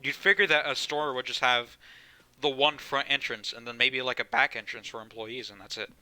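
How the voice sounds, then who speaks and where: American man, game streamer, casual and sarcastic, swears a lot, very bright tone. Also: mid-range voice, moderate pace, clean tone, low-quality recording. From United States. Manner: casual, profane and sarcastic, reading game text aloud. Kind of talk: live game stream commentary.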